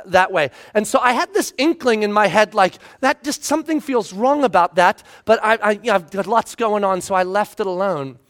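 A middle-aged male pastor delivers a sermon in a strikingly high voice. He tells family stories with energy, acting out the voices and raising to a shout for emphasis. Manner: animated storytelling, acts out voices and shouts for effect.

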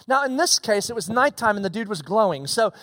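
A man preaching a casual expository sermon, animated and conversational with slangy asides. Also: high-pitched, a little fast, dry recording.

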